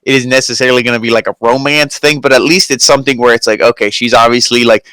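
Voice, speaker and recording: A man's voice: medium pitch, fairly even intonation, fast talker, bright, forceful tone, clear, resonant tone, dry recording. A man co-hosting a wrestling review in casual chat, opinionated and acting out the wrestlers' lines.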